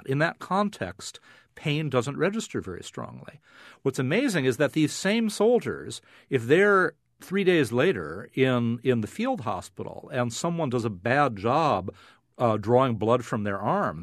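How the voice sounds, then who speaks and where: A middle-aged man, a neuroscience professor, explaining on a radio interview with frequent "uh" fillers and animated emphasis. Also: medium pitch, no room sound, studio quality.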